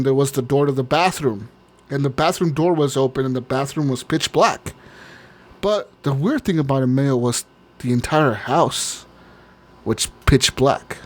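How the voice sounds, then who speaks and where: Swearing, rambling podcast storyteller man. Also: fairly high pitch. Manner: rambling, swears a lot, laughs often. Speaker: podcast co-host. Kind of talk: casual storytelling chat.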